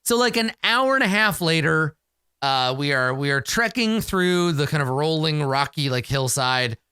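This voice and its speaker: A man's voice: on the high side, animated, moderate pace, pushed and bright, smooth, no echo, clean studio sound. A man narrating a solo tabletop game in a casual, profane, exasperated ramble.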